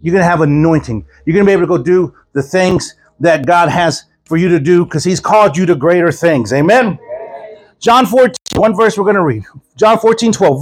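A man preaching a sermon at a church service, telling stories with animated quoted voices and chuckles. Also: high voice, fairly quick. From Houston, Texas. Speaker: guest preacher.

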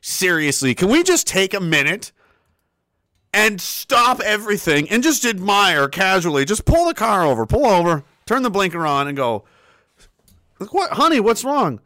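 A man hosting commentary in a sarcastic, animated way, laughing often. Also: sits high, moderate pace, no echo, studio quality. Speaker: commentary host.

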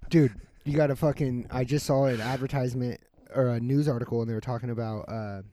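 A man's voice: mid-range voice, steady tone, brisk, warm tone, a little hiss or hum. A man explaining something in casual chat as a podcast co-host, rambling, with frequent joking asides.

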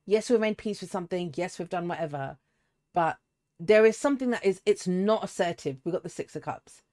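A woman's voice: lowish voice, a little fast, dark tone. Rambling woman reading tarot. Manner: rambling, conversational, with frequent restarts and asides. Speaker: tarot reader. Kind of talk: casual spoken tarot reading.

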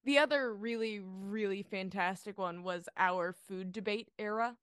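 A woman's voice: mid-range voice, measured pace, a bit bright, clear, resonant tone, no echo, clean studio sound. A woman co-hosting a podcast in casual chat, telling wry stories and teasing her co-host.

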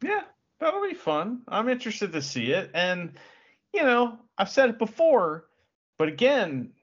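A man co-hosting a casual wrestling podcast, joking and animated, often laughing. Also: sits high, unhurried, lo-fi sound. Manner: joking, animated, breaks into laughter and shouted crowd impressions. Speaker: podcast co-host.

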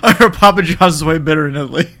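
A man's voice: on the high side, rapid-fire, pushed and bright. A man co-hosting a podcast in casual comedic chat, teasing with dry quips. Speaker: podcast co-host.

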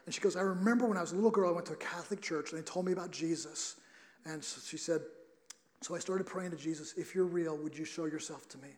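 High-voiced earnest male preacher. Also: fast talker. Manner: earnest storytelling, many restarts. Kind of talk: sermon.

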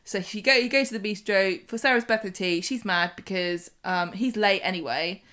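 A woman's voice: medium pitch, moderate pace, sharp tone. Giggly woman recapping a soap. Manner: chatty, giggly storytelling. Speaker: podcast co-host. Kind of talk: casual soap recap chat.

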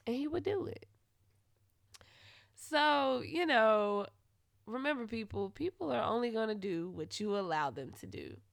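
A woman hosting a podcast, telling a personal story in a blunt, profane way that swings into loud, heated retellings. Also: fairly high pitch, lively intonation, unhurried, gravelly, pauses often, no room sound, clean studio sound. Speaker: podcast host. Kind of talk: candid storytelling monologue.

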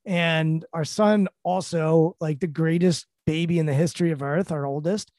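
Warm-voiced man hosting an interview. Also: a little high, moderate pace, dry recording, clean studio sound. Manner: casual, relaxed, shares anecdotes. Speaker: interviewer, host. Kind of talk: conversational interview.

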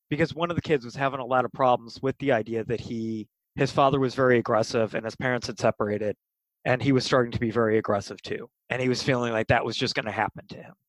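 Enthusiastic game master, mid pitch, dry close mic, chatty. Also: dry recording, poor audio. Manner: animated, enthusiastic, many fillers. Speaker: game master for kids' games. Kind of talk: casual interview storytelling.

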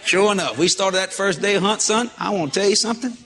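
A man preacher telling a story from the pulpit, animated and breaking into loud shouts of praise. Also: high-pitched, fast talker, background noise. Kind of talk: storytelling sermon.

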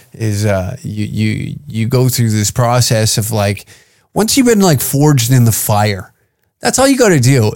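A man's voice: medium pitch, a little mellow. A man hosting a comedy podcast, ranting in a profane, rambling way and acting out quoted exchanges. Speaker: podcast host and stand-up comedian. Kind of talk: casual podcast rant.

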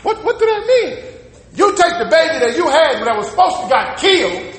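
A man preaches in a high voice, telling a story casually and acting out the characters' lines. The sound carries through a big, reverberant hall. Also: big pitch swings, moderate pace, fairly bright tone. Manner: storytelling with conversational asides and acted-out quotes. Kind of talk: sermon. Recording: echoey hall with long reverb.

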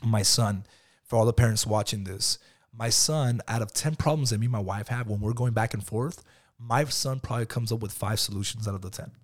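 A man's voice: lowish voice, brisk. A man in his thirties, a guest in a casual interview, talking loosely and calling the host "bro" again and again. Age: 30s. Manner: keeps saying "bro", loose and chatty. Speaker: podcast guest, business owner.

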